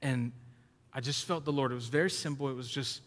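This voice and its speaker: A man preaching a sermon, shifting between loud emphatic points and low conversational storytelling. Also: a little fast. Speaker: pastor. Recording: long hall reverb.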